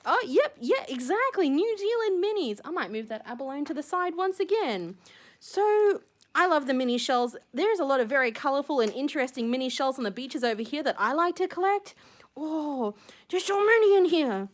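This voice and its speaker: Gushing woman, high and lively. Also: moderate pace. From Australia. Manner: gushing, excitable, rambling with many fillers. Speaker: shell-collecting vlogger. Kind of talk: casual unboxing vlog.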